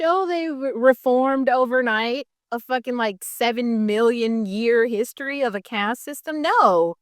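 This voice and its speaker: Speaking a little slowly with few pauses, a vlogger with a slightly high voice rants casually to camera. She curses frequently, uses "like" constantly, and laughs mid-sentence as she gets heated. The sound is clean and studio-grade, without echo.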